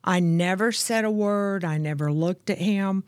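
A woman guest telling her own story of addiction and recovery in an earnest, candid way, slowing down to stress key points. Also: mid-range voice, no room sound, clean studio sound. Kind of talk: personal testimony in conversation.

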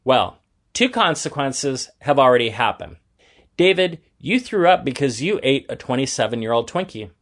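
A man's voice: medium pitch, very animated, moderate pace. A man reading aloud and voicing a patient, fair mother explaining things to her sons in a children's story.

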